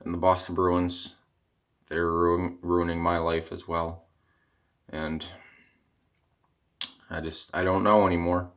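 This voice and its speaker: A man's voice: low voice, level tone, takes it slowly, pauses often, a bit bright. Young Canadian man in a rambling rant. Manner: rambling, dejected and exasperated. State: voice cracking. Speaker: vlogger, hockey fan.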